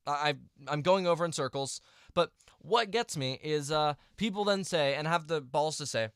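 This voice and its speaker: A man's voice: on the high side, animated, normal speed, a bit bright, clear, resonant tone, no room sound, studio quality. A young man ranting to camera in a vlog, exasperated and rambling, with restarts and mumbled asides. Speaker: vlogger.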